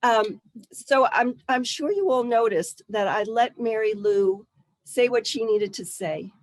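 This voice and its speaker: A woman facilitating a spiritual workshop, reflecting back what a participant shared and explaining the listening exercise calmly. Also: fairly high pitch, a little slow. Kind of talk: teaching through role-play.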